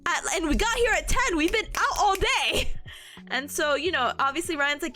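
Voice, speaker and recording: A giggly woman streamer with a high, bright voice that leaps around as she tells a story. She chats casually, bubbly and quick to laugh, her voice a little worn from long talking, with faint music playing behind her. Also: animated. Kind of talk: casual chat.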